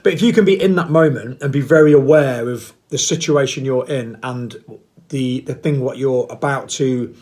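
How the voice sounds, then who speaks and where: A man's voice: medium pitch, moderate pace, darkish tone. Blunt, rambling man. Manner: rambling, blunt and self-mocking, with playful put-on voices. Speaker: vlogger. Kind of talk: casual monologue to camera.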